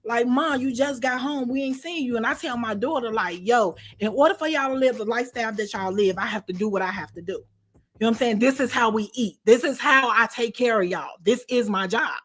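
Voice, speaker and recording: Her voice is a little high, brisk and fairly bright as she's interviewed. Loose and slangy, she works through a long story and keeps repeating "you know what I'm saying" to check in.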